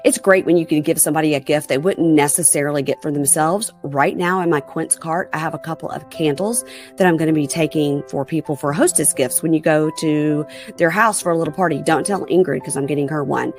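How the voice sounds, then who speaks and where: Low-voiced, chatty woman podcast host. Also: steady tone, fairly quick, faint music behind. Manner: chatty, gossipy storyteller. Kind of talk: casual chat and recap.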